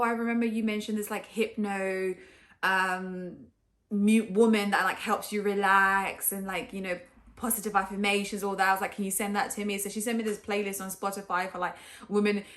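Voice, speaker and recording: A woman's voice: medium pitch, a bit bright. A woman telling a personal story to camera in a chatty way, full of fillers and acted-out quotes. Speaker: vlogger.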